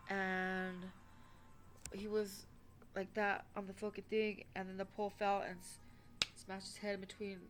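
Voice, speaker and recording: Speaking in a mid-range voice, a woman tells a personal story in casual, rambling talk. She swears often, uses many fillers and keeps restarting her sentences, with soft music playing behind her.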